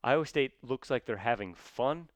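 A man, talking as a podcast guest in a casual, animated way with many fillers. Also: mid-range voice, moderate pace, dry recording. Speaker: guest, theater actor and sports commentator.

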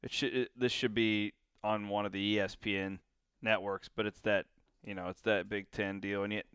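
A man with a smooth, clear voice hosts a casual sports talk show and states his opinions bluntly and with energy. The sound is dry and close to the mic. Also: on the low side, moderate pace, no echo. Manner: opinionated, animated. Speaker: sports radio host.

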